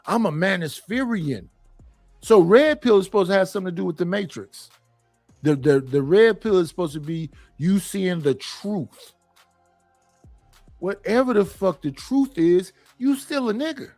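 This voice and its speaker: Man, middle-aged, high-pitched, blunt, profane, rambling, dry close sound, faint music behind. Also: animated, moderate pace, a little mellow, no echo. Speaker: panel guest. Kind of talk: casual opinion talk.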